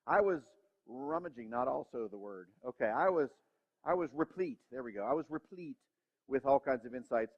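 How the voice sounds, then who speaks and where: A man's voice: medium pitch, lively intonation, normal speed. A male pastor giving a sermon in a church, self-deprecating and acting out the voices in his head. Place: church sanctuary. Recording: reverberant hall, dull lo-fi sound.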